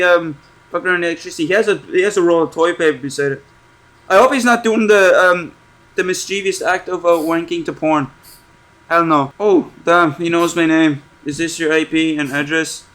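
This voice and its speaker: A young man doing casual, joking commentary on a horror game, reading its questions aloud slowly and answering sarcastically. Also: a little high, fairly bright tone. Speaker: gaming streamer.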